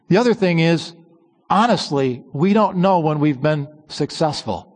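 Emphatic preacher in a long-echo church. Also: male voice, animated. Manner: emphatic, slowing on key words and dropping to a low hush at phrase ends. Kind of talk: sermon.

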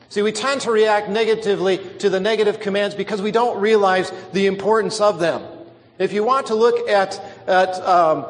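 A man's voice: sits high, in a large hall. A man preaching a sermon, stretching out and stressing key words for emphasis.

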